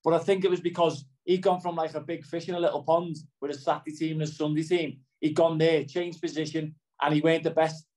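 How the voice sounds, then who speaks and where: In casual interview chat, a middle-aged footballer with a Liverpool accent rambles, often adding "do you know what I mean". He talks fast with few pauses in a level, slightly mellow, somewhat high voice, over poor audio.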